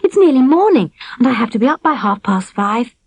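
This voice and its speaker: A woman's voice: on the high side, sing-song, brisk, creaky, no echo, pitched above the performer's own voice, full character voice. A woman voicing a cheerful young princess who works as a kitchen maid, earnest and a little prim.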